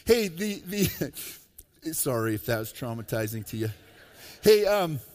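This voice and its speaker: A slightly high-voiced man preaches a sermon in a church sanctuary, animated and quick to joke. He swings between loud, emphatic lines and soft, low asides. His voice trails off into the long reverb of a large hall. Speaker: pastor.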